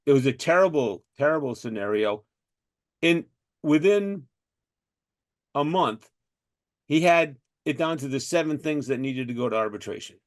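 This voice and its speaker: A middle-aged man hosting a podcast, telling firefighter stories in a casual chat, animated and laughing as he talks. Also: mid-range voice, moderate pace, pauses often.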